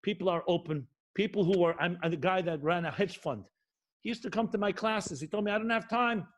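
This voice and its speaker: A man's voice: high-pitched, fairly quick. A middle-aged man, a rabbi, giving an impassioned sermon with emphatic repetition and rhetorical questions. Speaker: rabbi teaching Jewish spirituality.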